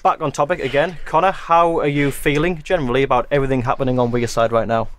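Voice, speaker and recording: Quick, jokey football podcast host. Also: male voice, mid-range voice, steady tone, crowd noise. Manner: jokey, wordplay-loving presenter. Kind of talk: casual football chat.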